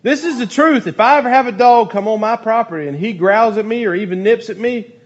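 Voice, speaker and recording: A man leading a casual youth group talk, loose and joking, with animated storytelling. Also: high voice, a little fast, dull audio.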